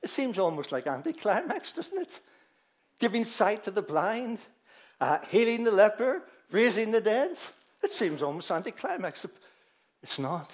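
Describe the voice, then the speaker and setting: A man preaching a sermon, emphatic, moving between loud declarations and low, quiet asides, often repeating words as he goes. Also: big pitch swings, measured pace.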